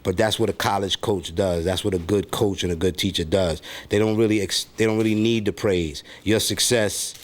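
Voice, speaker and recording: A middle-aged man with a New York accent talks easily in a low voice. He sounds laid-back and loose, dropping casual fillers as he goes. He talks like an interview guest. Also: fairly even intonation, moderate pace, few pauses. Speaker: music producer, guest.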